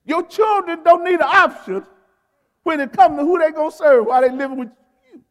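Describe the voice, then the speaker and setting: Very high-voiced male preacher in a reverberant hall. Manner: call-and-response preaching, urging the congregation to repeat words; emphatic, drawn-out stresses on key phrases. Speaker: pastor. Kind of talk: sermon. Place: church sanctuary. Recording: long reverb of a large hall.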